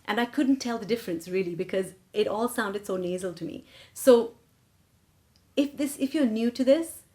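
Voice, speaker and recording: A woman with a warm, rather high voice gives a singing lesson at a normal speed. Her pattern is to explain, check in with "right?" or "okay?", and then sing a short phrase as a demonstration.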